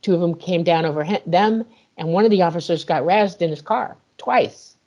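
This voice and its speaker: A woman guest in an interview, retelling a personal experience in an animated way and acting out the dialogue. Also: lowish voice, normal speed, lo-fi sound. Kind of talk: emotional personal storytelling.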